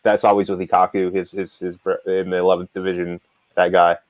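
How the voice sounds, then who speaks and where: A man's voice: low-pitched, level tone, fairly quick, no echo, lo-fi sound. A man co-hosting a casual talk show, rambling animatedly with lots of fillers and restarts. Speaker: manga reader and show co-host. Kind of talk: casual discussion.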